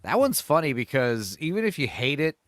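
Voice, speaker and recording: A man hosting a casual chat show, talking about films in a rambling, animated way with lots of fillers and laughs. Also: on the high side, fairly quick, no room sound, clean studio sound. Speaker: host.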